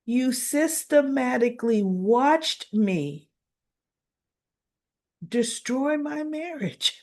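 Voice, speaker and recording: A woman's voice: high voice, lively intonation, extremely slow, darkish tone, heavily acted. A woman voicing a betrayed young bride accusing her friend in a soap-opera scene she retells. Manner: accusing, emphatic.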